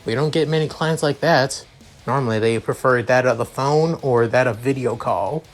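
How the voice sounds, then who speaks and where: A man's voice: mid-range voice, normal speed, close to an everyday voice. Man doing laid-back young man, dry, teasing, offhand, faint music.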